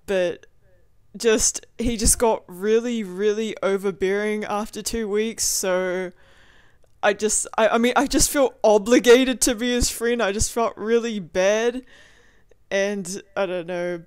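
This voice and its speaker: A woman's voice: medium pitch, clear, resonant tone, no echo, clean studio sound. A young woman in a casual video diary, rambling and swearing freely with lots of "like" and "you know", recorded at home. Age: young adult. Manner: rambling, profane, filler-heavy with lots of "like". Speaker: vlogger.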